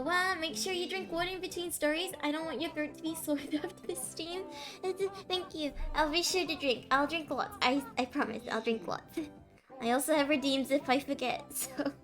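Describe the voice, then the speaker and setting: A woman streamer reading a fairytale aloud on a live stream, giggling and stumbling over words between chatting with viewers. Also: high voice. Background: faint background music.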